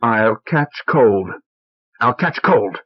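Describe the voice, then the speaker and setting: A man's voice: medium pitch, expressive, extremely slow. A man voicing a sickly, petulant husband who whines and complains, on a muffled old cassette recording. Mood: whining. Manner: whiny and complaining.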